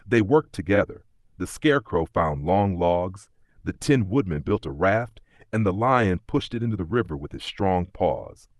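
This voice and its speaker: Deep-voiced guy reading a fairy tale, lively ups and downs, dry close mic. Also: moderate pace, dry recording. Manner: calm, storybook telling. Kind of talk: scripted narration.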